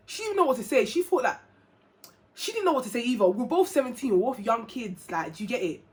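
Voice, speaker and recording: A woman's voice: medium pitch, fast. Chatty young woman vlogger. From England. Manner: chatty, animated, acts out quoted dialogue. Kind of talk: casual storytelling to camera.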